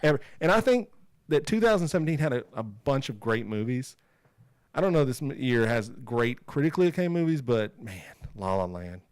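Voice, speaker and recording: Emphatic ranting man, lively voice. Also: mid-range voice, a little fast, clear, resonant tone, no echo. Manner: emphatic, ranting, repeats himself. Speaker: podcast co-host. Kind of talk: casual chat.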